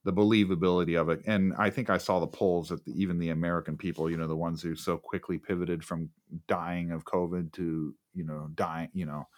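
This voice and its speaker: A man's voice: low-pitched, level tone, fairly quick. A man co-hosting a podcast in casual chat, rambling and sarcastic with lots of fillers. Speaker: podcast co-host.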